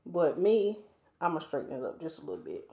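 A woman's voice: deep voice, big pitch swings, fairly quick, mellow, roomy sound. A woman, a hair stylist chatting playfully with viewers while doing a hair tutorial at home. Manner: chatty, playful, talks to viewers as y'all, reads comments aloud. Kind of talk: casual livestream hair tutorial chat.

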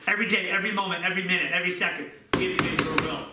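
A man's voice: high-pitched, little pitch movement, very fast, very noisy. A middle-aged man preaching a sermon in an earnest, repetitive way, recorded from a distance in an echoey room. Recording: echoey room, mic far off.

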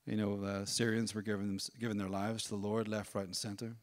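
A man giving a testimony at a church service, telling his story in a lively way and acting out other people's voices. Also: fairly low pitch, fast talker, big-room sound. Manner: storytelling, animated, acts out voices. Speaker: worship leader. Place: church hall.

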